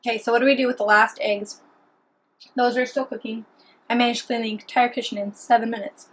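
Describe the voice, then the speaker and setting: A woman's voice: a little high, level tone, fast, fairly bright tone, low-quality recording. A woman talking chattily and cheerfully through a home cooking vlog in her kitchen. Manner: chatty, upbeat, talks while eating. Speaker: cooking vlogger.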